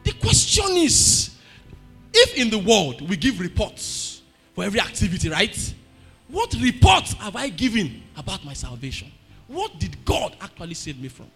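High, lively Nigerian preacher. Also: male voice, normal speed, faint music behind. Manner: preaching with sudden shouted emphasis and storytelling. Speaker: pastor. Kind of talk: sermon.

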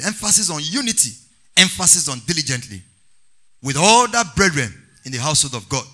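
Male preacher, high bright voice, sweeping sing-song delivery, call-and-response sermon. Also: very animated, brisk.

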